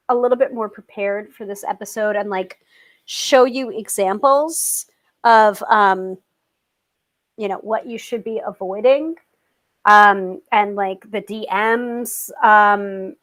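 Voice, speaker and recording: A woman's voice: mid-range voice, a bit bright. A young American woman hosting a casual livestream, rambling and chatty with many fillers and frequent laughter as she reads viewer comments. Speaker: livestream host.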